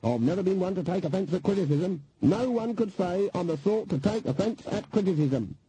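Male narrator voicing a bossy elderly witch woman, raised husky voice, curt and commanding. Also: high-pitched, lively intonation, brisk, dark tone, pitched above the performer's own voice, heavily acted, low-quality recording. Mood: haughty. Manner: brusque, commanding. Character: stern, imperious old woman witch. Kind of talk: audiobook character voice.

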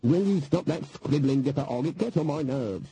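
A man's voice: a little high, animated, normal speed, warm tone, husky, no echo, pitched above the performer's own voice, exaggerated voice, low-quality recording. A man doing a stern, imperious old witch. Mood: curt. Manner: brusque, commanding. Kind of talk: audiobook character voice.

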